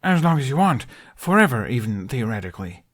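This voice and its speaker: A man's voice: mid-range voice, animated, normal speed, voice pushed up, close to an everyday voice. A man voicing a nervous young prince who stammers and trips over his words, earnest and flustered.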